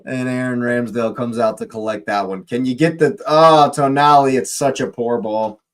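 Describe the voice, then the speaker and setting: A young man hosting a live football watch-along, excitable, laughing often and repeating his phrases. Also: medium pitch, normal speed.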